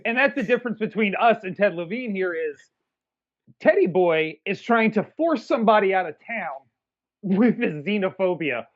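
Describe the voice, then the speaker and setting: A man's voice: high-pitched, animated, moderate pace, highs cut off. A man co-hosting a movie review podcast, trading crude, sarcastic jokes in casual banter.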